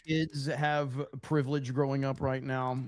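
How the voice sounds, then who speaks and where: Man, mid pitch, blunt, lots of ums and uhs, casual podcast chat. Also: level tone, unhurried, no room sound.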